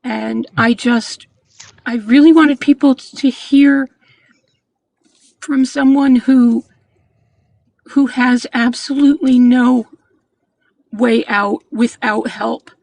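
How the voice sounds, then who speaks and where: A woman in her sixties calling in to a show, speaking earnestly and haltingly, with frequent restarts. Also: a little high, fairly even intonation, gravelly, darkish tone, dry recording, rough recording. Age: 60s. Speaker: caller. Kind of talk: call-in chat.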